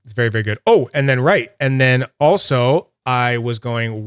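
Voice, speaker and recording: A man's voice: medium pitch, moderate pace, hardly any pauses, smooth, no echo, clean studio sound. A Canadian man hosting a casual livestream, rambling and joking at his own expense. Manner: rambling, self-mocking, laughs often. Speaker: livestream host reviewing fidget toys.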